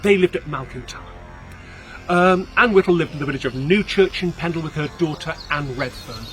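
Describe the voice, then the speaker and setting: A man, a local guide telling a story on location outdoors, theatrical, shifting between hushed and loud. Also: fairly high pitch, fairly quick, soft background music. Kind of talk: dramatic storytelling.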